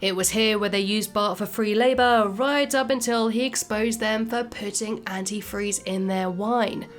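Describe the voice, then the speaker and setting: Measured woman narrating a video. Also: mid-range voice, fairly even intonation. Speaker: channel host.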